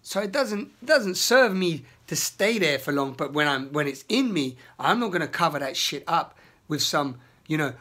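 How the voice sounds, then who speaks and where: A man speaks his mind in a confessional vlog. He rambles and swears freely, and now and then he erupts into loud, angry bursts. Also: fairly high pitch, very animated, normal speed. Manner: rambling, emotional, swears often, shouts in bursts. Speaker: vlogger. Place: outdoors in nature.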